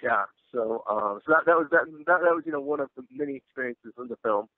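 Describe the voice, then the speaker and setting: A man's voice: medium pitch, expressive, fast talker, no echo. A man being interviewed about his film, talking casually with lots of fillers and restarts. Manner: rambling, full of fillers and restarts. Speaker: actor and filmmaker guest. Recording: tinny dry phone line.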